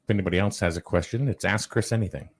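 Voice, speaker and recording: Male talk show host, low-ish voice, animated, quick with quips, casual banter. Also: husky.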